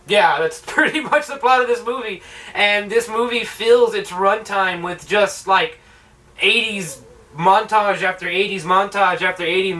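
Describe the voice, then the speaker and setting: A young man with a high, bright voice rants casually about a film, rambling along with plenty of swearing and sarcasm. He sounds a little distant from the microphone.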